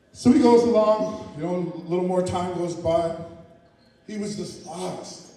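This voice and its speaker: A man telling a story to a gathering, with an animated, playful delivery. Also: sits high, measured pace. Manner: animated, playful, voices his characters. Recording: echoey hall from far off.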